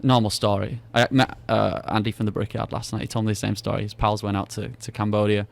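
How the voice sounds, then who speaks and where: A man's voice: fairly low pitch, little pitch movement, quick pace, vocal fry. A young British man chatting as a podcast guest, telling stories with lots of restarts and acted-out dialogue. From Britain. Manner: rambling storyteller who acts out dialogue with repeated restarts. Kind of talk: casual chat.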